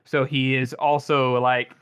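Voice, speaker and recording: A man's voice: mid-range voice, a little slow, clean tone. A man co-hosting a podcast, chatting casually about a book and acting out the lines he quotes. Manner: animated, acts out quoted lines. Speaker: podcast co-host.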